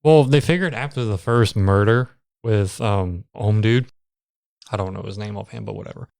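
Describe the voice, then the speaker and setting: A man's voice: on the low side, moderate pace, vocal fry, darkish tone. A man co-hosting a podcast in casual chat, wryly recapping movie scenes with plenty of swearing. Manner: profane, wry storytelling. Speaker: podcast co-host.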